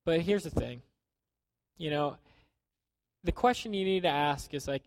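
A man preaching a sermon in a conversational way, acting out quotes and dropping to a hushed tone at times. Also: a little high, a little slow, pauses often, dry recording. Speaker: pastor.

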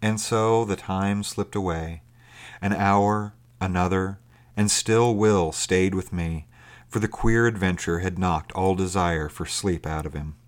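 A man narrating a story in a measured, steady reading. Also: low voice.

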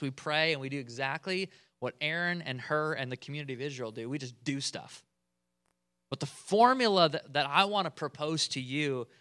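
Give me a man preaching a conversational sermon, slightly high-pitched and forceful. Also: dry recording, studio quality. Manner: conversational, animated, chuckles often. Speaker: pastor.

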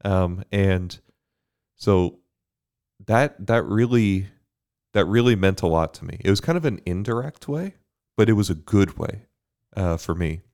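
Man, priest, very low voice, relaxed podcast chat, thoughtful, fillers. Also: a little slow, pauses often. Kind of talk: casual faith podcast chat.

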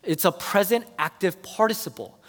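A man preaching a sermon, telling stories animatedly and moving between hushed and loud passages. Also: sits high, normal speed, big-room sound, soft background music. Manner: animated storytelling with quoted voices, swinging from hushed to loud.

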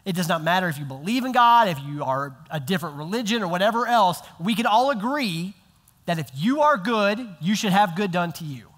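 A man preaching a conversational sermon as a pastor, acting out quoted lines in a casual, animated way. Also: high-pitched, brisk, big-room sound.

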